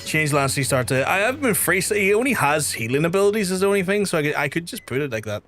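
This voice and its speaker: A man's voice: on the high side, big pitch swings, quick pace, fairly bright tone, soft background music. A man with a Northern Irish accent chatting casually while streaming a game, rambling and slipping into mock-outraged rants. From Northern Ireland. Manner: rambling, exasperated ranting with mock-outraged quoted asides. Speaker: streamer playing an online role-playing game. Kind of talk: casual gaming-stream chat.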